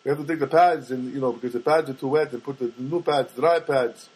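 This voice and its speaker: A man imitating an older Armenian carpet cleaner with a put-on Armenian accent, speaking in halting, broken phrases. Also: mid-range voice, a little mellow, husky, lightly acted. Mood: matter-of-fact.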